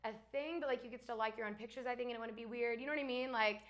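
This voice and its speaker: A young woman from Alabama, a guest in a casual chat, talking fast with lots of fillers and laughs. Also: on the high side. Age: young adult.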